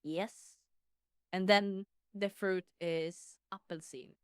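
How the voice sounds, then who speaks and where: A woman chats casually in English, explaining with playful emphasis. Her voice is smooth and clear, recorded dry and close with no echo. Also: medium pitch, fairly even intonation, slow. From Sweden. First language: Swedish. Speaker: co-streamer. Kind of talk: casual chat.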